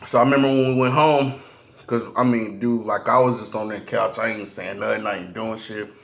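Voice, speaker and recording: A man's voice: fairly low pitch, fairly even intonation, vocal fry. Profane rambling man telling a story. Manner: halting, restarts a lot. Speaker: mukbang vlogger. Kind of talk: storytime while eating.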